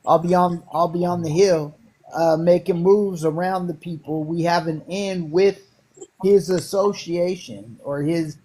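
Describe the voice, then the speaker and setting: A man with a high-pitched voice speaks on a live call, hesitant and halting. He stumbles and restarts often as he works through what he wants to say. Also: fairly even intonation, warm tone, low-quality recording. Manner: halting, many fillers and restarts. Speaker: caller. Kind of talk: casual chat.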